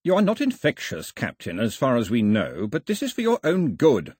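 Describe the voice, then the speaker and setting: An audiobook narrator, a man, voicing an officious male company agent who shouts his orders. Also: mid-range voice, big pitch swings, moderate pace, slightly rough, no echo, clean studio sound, pitched above the performer's own voice. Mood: commanding. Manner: shouting through a megaphone, officious.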